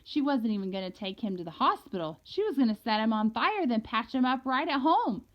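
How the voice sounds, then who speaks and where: A woman reading a first-person novel aloud in a lively, casual storytelling manner. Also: fairly high pitch, fairly quick. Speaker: audiobook reader. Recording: dull lo-fi recording.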